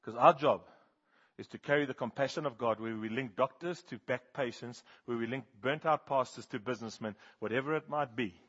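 A man preaching a sermon, telling animated stories and swinging from loud bursts to hushed, slow appeals. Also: medium pitch, slightly rough. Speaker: pastor. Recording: dull, muffled sound.

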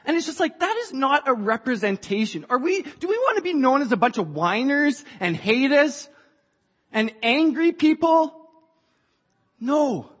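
A woman's voice: high voice, very animated, a little slow. Impassioned woman preaching in an echoing hall. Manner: impassioned, rising to shouts. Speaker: church speaker. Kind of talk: sermon. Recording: dull sound in a reverberant hall.

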